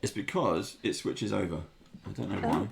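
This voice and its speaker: A man's voice: fairly low pitch, moderate pace, gravelly, noisy background. A man who is a player in a tabletop game, talking casually in offhand, mumbled asides. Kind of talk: casual chat.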